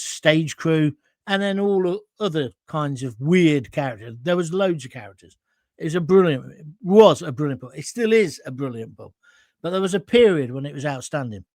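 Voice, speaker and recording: A man's voice: high voice, dry recording. An older man hosting a live show, telling anecdotes in a chatty way and often checking in with "right?". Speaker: host. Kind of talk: casual storytelling on a live show.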